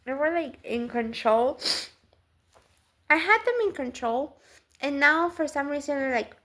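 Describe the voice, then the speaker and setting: Woman teaching the Bible casually: rambling, earnest, slow and a bit high. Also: lively intonation, a bit bright.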